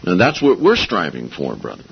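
A man's voice: deep voice, wildly swooping pitch, moderate pace, vocal fry, breathy edge. A man preaching a sermon, talking casually with sarcasm and rising into emphatic outbursts. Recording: dull lo-fi audio.

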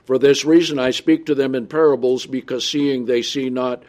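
A man preaching a Bible study sermon, reading scripture aloud slowly and adding his own comments. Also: medium pitch, fairly even intonation, darkish tone. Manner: often checks in with the listeners.

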